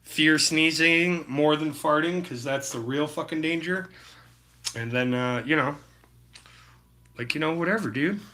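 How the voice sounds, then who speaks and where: A man's voice: fairly high pitch, a little slow, long pauses, pushed and bright. A man chatting casually to his viewers while painting on a live stream, rambling and swearing freely. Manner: laid-back, rambling, swears freely, chats to viewers by name.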